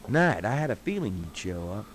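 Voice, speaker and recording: An actor playing a gruff, dismissive male police detective in a 1990s adventure game. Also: on the low side, sing-song, normal speed, slight background noise. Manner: dismissive, mocking.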